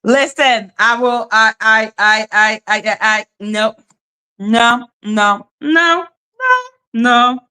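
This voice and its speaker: A woman hosting a casual livestream, chatting with viewers in an animated way, laughing often and swearing freely. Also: on the high side, slow pace, smooth. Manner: animated, laughing, frequent profanity. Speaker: livestream host. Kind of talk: casual livestream chat reading comments.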